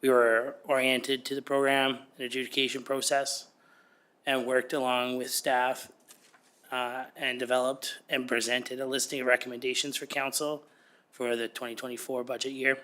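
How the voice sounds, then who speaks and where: A slightly hoarse man presenting a committee report at a council meeting, steady but full of "uh" and "um". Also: mid-range voice, normal speed. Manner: steady, with frequent "uh" and "um". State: a little hoarse.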